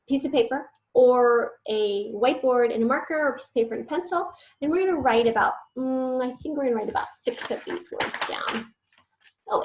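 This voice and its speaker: High-voiced woman teaching spelling. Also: low-quality recording. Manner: sounds out words syllable by syllable, patient and encouraging. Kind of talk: online spelling lesson.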